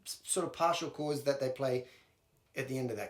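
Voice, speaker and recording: At a moderate pace and medium pitch, an Australian man guides listeners through a guitar song piece by piece. He vocalizes the counts and sings the strumming rhythms while playing, in a roomy recording where the guitar is loud.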